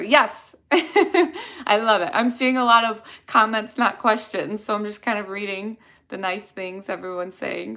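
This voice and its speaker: Young woman rambling on a live q&a, bright clear tone, giggly and chatty. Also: medium pitch. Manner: chatty, giggly, reads comments aloud. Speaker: dental hygienist streamer. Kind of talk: casual live Q&A chat.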